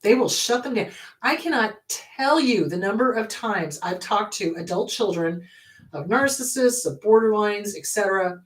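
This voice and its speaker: A woman's voice: medium pitch, moderate pace. A woman therapist hosting her show, answering a viewer's question in an emphatic way and acting out what parents say. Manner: animated and emphatic, acts out quoted parents.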